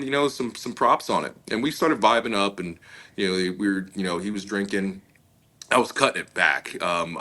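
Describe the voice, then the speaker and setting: Low-voiced man telling a story casually. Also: bright, forceful tone. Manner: casual, many fillers, acts out quoted dialogue. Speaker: interview guest. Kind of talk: conversational storytelling.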